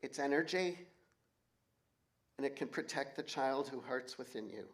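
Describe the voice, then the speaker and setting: Man softly quoting a gentle healer lady, soothing, plain voice. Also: medium pitch, unhurried, lightly acted. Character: gentle woman masseuse, calm and soothing.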